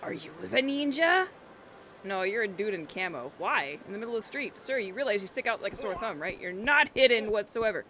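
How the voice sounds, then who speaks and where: Talking back to the on-screen characters with jokes and teasing, this woman gives playful commentary while streaming a game, game music running underneath. Her mid-range voice is sharp and lively in intonation, and she talks fairly quickly. There's slight background noise.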